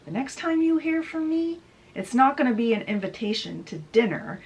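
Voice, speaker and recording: A woman's voice: high-pitched, very animated, normal speed, darkish tone, voice pushed up, rough recording. A woman voicing a sarcastic, bitter underworld god. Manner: sarcastic, threatening.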